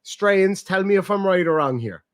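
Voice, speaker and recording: A young man holds a loose, swear-filled chat and explains slang with animated energy. His voice sits a little higher than most men's. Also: normal speed. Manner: profane, animated storytelling. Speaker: streamer host. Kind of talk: casual chat.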